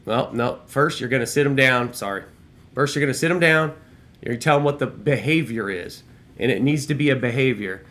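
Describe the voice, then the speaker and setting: A man's voice: mid-range voice, brisk, fairly bright tone. Profane, rambling middle-aged man. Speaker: former restaurant shift manager telling a story. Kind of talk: casual storytelling monologue.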